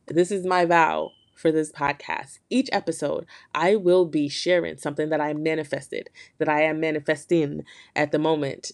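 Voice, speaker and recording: An earnest podcast host speaks in a candid solo chat, leaning on "like" at every turn. The talk is slangy and loose, and it lifts into animated bursts when the mood turns hopeful. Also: medium pitch. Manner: earnest, candid, heavy on filler "like".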